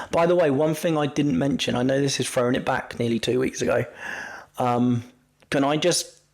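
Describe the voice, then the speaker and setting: A man's voice: medium pitch, creaky. A man hosting a podcast, chatting casually and rambling through a wrestling recap, often stumbling over his words and poking fun at himself. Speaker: podcast host.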